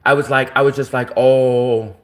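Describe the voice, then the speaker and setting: A man's voice: a little high, lively intonation, normal speed, fairly bright tone. A man from Canada, ranting in a rambling livestream monologue that keeps repeating itself and circling back to the same points.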